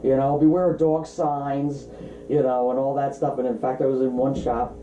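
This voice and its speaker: A woman's voice: very deep voice, flat delivery, moderate pace, warm tone, slight background noise. A woman co-hosting a podcast, a journalist telling casual stories with many "you know"s. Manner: chatty, lots of "you know" and "like". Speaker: podcast co-host, car journalist. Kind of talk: casual chat, storytelling. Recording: roomy, slightly dull sound.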